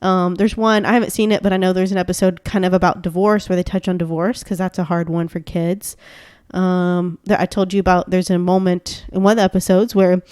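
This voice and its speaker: A woman's voice: fairly low pitch, flat delivery, brisk, darkish tone, clear, resonant tone, dry recording, studio quality. A woman co-hosting a podcast in casual chat, gushing and rambling with lots of fillers. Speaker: podcast co-host.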